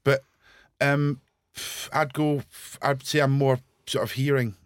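A male guest chatting casually, hesitant and pausing with frequent ums. His pitch is in an ordinary middle range. The recording is dry and close. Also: flat delivery, clear, resonant tone, no echo. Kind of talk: casual chat.

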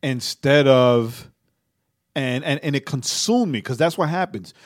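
A man's voice: mid-range voice, expressive, unhurried. A young man co-hosting a casual faith podcast, rambling, stammering into restarts and tagging his sentences with "right?". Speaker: podcast co-host.

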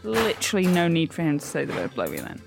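A woman's voice: low voice, huge pitch swings, fast talker, vocal fry, music in the background. A woman co-hosting a podcast, bantering playfully and teasing her co-host in casual chat.

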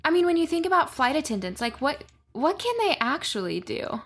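A woman's voice: high-pitched, big pitch swings, a little fast. A woman in casual conversation who reacts and adds short comments to a friend's story. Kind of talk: casual chat.

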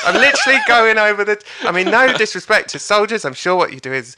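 A man, telling a lively sweary story in casual chat. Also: high voice, fast, few pauses. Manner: animated, swears, acts out crowd voices. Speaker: comedian guest.

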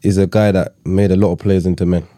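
Quick-talking guy chiming in on a football chat, repeats himself a lot. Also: low-pitched, flat delivery, mellow, dry recording, studio quality. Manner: quick, agreeable chimes and repeated phrases. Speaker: podcast co-host or guest, footballer. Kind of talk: casual chat.

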